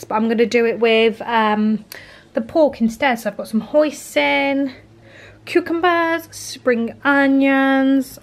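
A woman, chatting casually through her day for a home vlog. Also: on the high side. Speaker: vlogger. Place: home kitchen, indoors. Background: household appliances humming.

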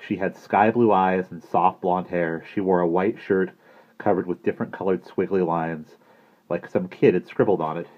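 A man reading a children's book aloud in a lively, expressive way, in a muffled lo-fi recording. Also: low-pitched, moderate pace. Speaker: audiobook reader. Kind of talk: storybook narration.

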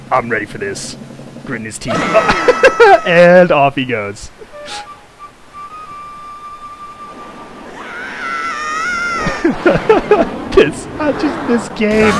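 A man's voice: fairly high pitch, low-quality recording. Giddy young man doing game commentary. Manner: giddy, joking, laughs often. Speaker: gamer. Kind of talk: let's play commentary. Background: game music.

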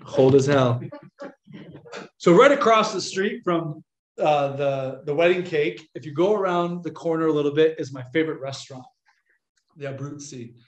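An American man, a young Catholic priest, talks to an audience in a loose, story-telling lecture. His voice sits a little high and he slips into the voices of the people he quotes. The sound bounces around an echoey room. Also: moderate pace. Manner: chatty, animated, acts out quoted voices. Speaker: Catholic priest giving a talk.

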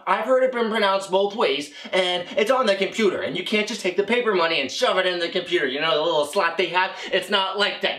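A man with a high voice spins a rambling, deadpan tale of absurd mishaps. He tells it as stand-up, and the sound bounces around a roomy, echoing space. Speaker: stand-up comedian.

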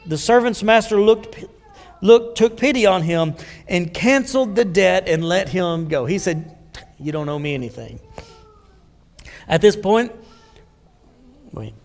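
A man's voice: high-pitched, a little slow, darkish tone, big-room sound. A man preaching a sermon as a pastor, talking in a conversational way and putting questions to the congregation. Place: church sanctuary.

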